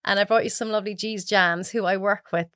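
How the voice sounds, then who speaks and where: Chatty Irish woman telling lively stories. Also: mid-range voice, fast, dry recording, clean studio sound. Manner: chatty, animated storyteller who laughs often. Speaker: podcast guest, cook. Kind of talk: casual chat.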